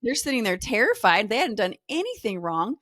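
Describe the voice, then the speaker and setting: A woman's voice: fairly high pitch, very animated, fairly quick, a bit bright, no room sound. A woman co-hosting a podcast, animatedly recounting family stories in casual chat. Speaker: podcast co-host.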